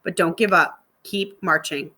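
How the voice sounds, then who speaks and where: A woman, a middle school teacher, reading a novel aloud to her students in a steady narrating voice. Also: on the low side, unhurried.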